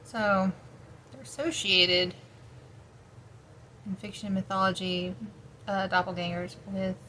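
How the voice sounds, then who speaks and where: A woman's voice: medium pitch, steady tone, measured pace, bright, forceful tone, a little hiss or hum, rough recording. Sleepy woman vlogger rambling while researching. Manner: rambling, thinking aloud, often trailing off; snacking while talking. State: sleepy, yawning. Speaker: paranormal lore vlogger. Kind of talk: casual research vlog.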